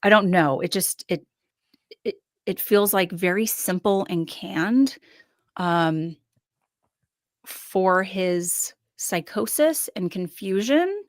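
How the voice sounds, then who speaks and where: A woman's voice: medium pitch, lively intonation, slow, no room sound, studio quality. A woman guest on a podcast, talking through her analysis in a thoughtful, hedging way with frequent restarts. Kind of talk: casual analytical discussion.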